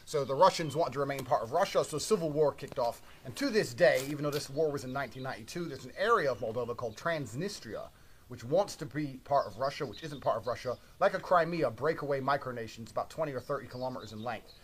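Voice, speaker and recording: Man, fast-paced, brash, heavy swearing, casual storytelling, faint background noise. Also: mid-range voice, animated.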